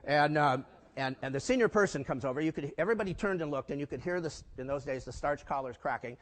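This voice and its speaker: An older man giving a conference talk, telling lively stories and tossing rhetorical questions at the audience. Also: fairly high pitch, fast talker. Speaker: keynote speaker. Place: conference hall before a live audience. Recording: long reverb of a large hall.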